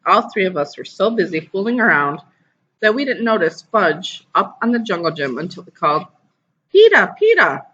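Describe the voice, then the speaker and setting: A teacher reading a children's novel aloud to a class over a video call, lively and putting on voices. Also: mid-range voice, fairly quick, highs cut off, a little hiss or hum. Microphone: computer mic on a video call.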